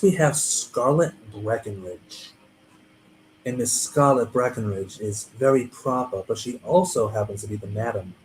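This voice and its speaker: A man's voice: lowish voice, darkish tone, slight background noise, rough recording. A man, an author, casually talking through the characters of his book on a livestream, chatty and restarting his sentences. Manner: chatty, self-interrupting, with small restarts. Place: home livestream setup.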